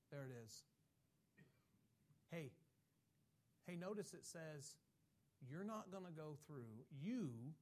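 A man preaching a sermon with emphatic delivery, reading scripture and mimicking people's excuses. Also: a little high. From has Irish ancestry. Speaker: pastor.

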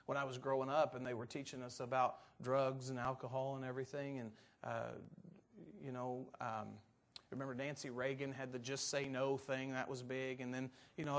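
A pastor preaching a sermon to his church, talking in a relaxed, folksy way with asides and stories, then pressing his points firmly. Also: medium pitch. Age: adult parent. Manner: folksy and conversational, turning emphatic on doctrine.

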